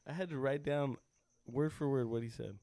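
A man's voice: medium pitch, warm tone, no echo. A man telling stories in a casual podcast chat, laughing often, swearing, and acting out what people said. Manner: laughing storyteller, acts out quotes, swears a lot. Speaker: podcast host; school sports coach.

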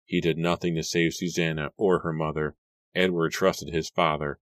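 A man's voice: very deep voice, little pitch movement, moderate pace, no room sound. A man reading aloud and voicing an earnest young man, speaking with grave intensity. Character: earnest young man seeking to end a feud.

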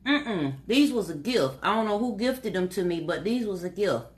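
A woman's voice: mid-range voice, animated, moderate pace. A woman co-hosting a casual talk show, teasing her partner and laughing often. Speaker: co-host. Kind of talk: casual chat.

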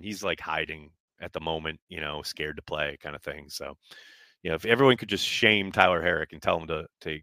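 Deep-voiced, blunt sports podcast host. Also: male voice, sharp tone, no room sound, clean studio sound. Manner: blunt and loose, swears freely. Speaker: podcast host reading viewer chat. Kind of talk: casual live-stream sports talk. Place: New York.

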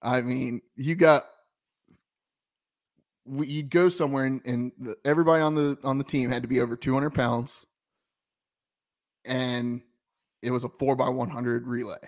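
A man's voice: mid-range voice, normal speed, pauses often. A man with a Southern American accent, co-hosting a casual sports podcast and telling stories with many restarts. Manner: rambling, many restarts, animated storytelling. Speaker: podcast co-host.

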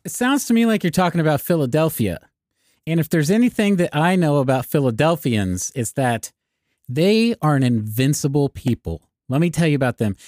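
Playful podcast co-host, a bit high. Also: male voice, darkish tone, no room sound, studio quality. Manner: playful, self-deprecating joking. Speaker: podcast co-host and executive producer. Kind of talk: casual podcast chat.

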